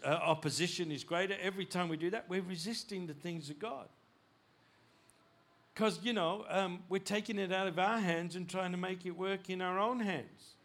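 A male pastor delivers a sermon with a high, bright and sharp voice. He preaches in an animated, unscripted way, often restarting and repeating words. His voice climbs loud and urgent in places. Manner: animated preaching, rising loud when voicing God.

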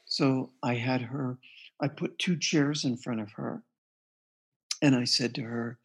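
A man with a husky, slightly breathy voice at a mid pitch tells a client's story in an interview. He speaks earnestly and acts out the lines from the session as he goes. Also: steady tone, slow pace, long pauses. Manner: earnest, recounts a client case with quoted dialogue. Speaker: guest author and therapist.

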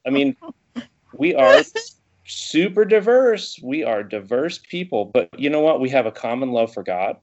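A man's voice: mid-range voice, sing-song, a little slow, darkish tone. A man co-hosting a podcast, talking earnestly about why the group meets. He repeats words and restarts his sentences as he goes. His voice has a dull, lo-fi sound. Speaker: podcast co-host. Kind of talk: casual chat.

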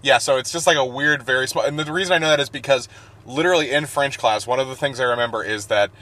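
A man's voice: mid-range voice, fast. A man co-hosting a podcast in casual chat, telling stories with jokey asides. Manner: animated storyteller, jokey asides. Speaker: podcast co-host.

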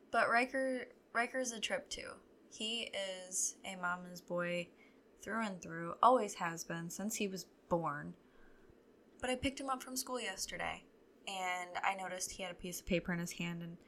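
A woman's voice: mid-range voice, fairly bright tone, a little hiss or hum. A young adult woman hosting a podcast, telling stories in a candid, profane, wry way. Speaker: podcast host. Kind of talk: casual storytelling chat.

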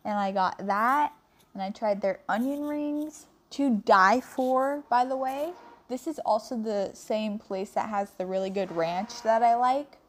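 A woman's voice: a little high, unhurried. A young woman giving a chatty, rambling travel update as a podcast co-host. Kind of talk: casual monologue.

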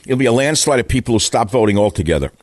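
A man's voice: medium pitch, animated, rapid-fire, dry recording. A man in his seventies hosting a talk radio show, giving an opinionated, rambling and sardonic monologue into a studio microphone. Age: 70s.

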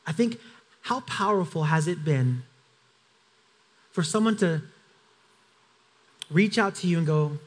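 High-voiced pastor preaching dramatically. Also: male voice, slow pace, long pauses. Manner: dramatic scripture reading with voiced characters; emphatic, conversational asides. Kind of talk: sermon.

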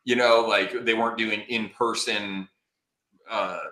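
A man guesting on a podcast, telling a story in animated, exasperated casual chat and swearing freely. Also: on the low side, unhurried, reverberant.

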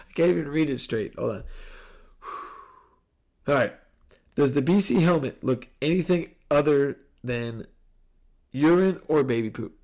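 Brief: man, podcast host answering listener questions; loose, rambling delivery, quick to laugh. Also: on the high side, animated, a little mellow. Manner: rambling, laughs easily, breaks off mid-sentence. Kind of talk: casual podcast Q&A.

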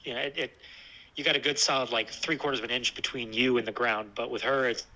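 A man casually talking about hiking with his dog, thoughtful and relaxed, with many fillers and restarts. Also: medium pitch, quick pace, rough recording. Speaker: hiker discussing a trip with his dog. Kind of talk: casual chat.

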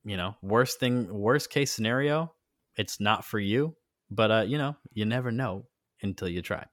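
A man's voice: lowish voice, moderate pace, no echo, clean studio sound. A man co-hosting a casual podcast chat, rambling with many fillers and restarts. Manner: rambling, filler-heavy, self-correcting. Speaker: podcast co-host.

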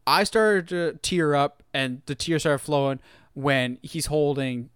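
A man co-hosting a casual podcast, retelling scenes in an animated way and acting out the lines. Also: a little high, slow pace, clean tone, no room sound, clean studio sound. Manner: animated storytelling, acts out quotes. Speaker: podcast co-host. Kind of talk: casual chat.

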